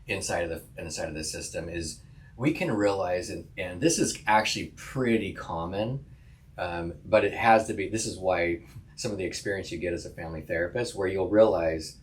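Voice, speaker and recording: A man's voice: low-pitched, normal speed. A man, a counselor co-hosting a podcast, talking casually, laughing often and restarting sentences. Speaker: podcast co-host, licensed counselor.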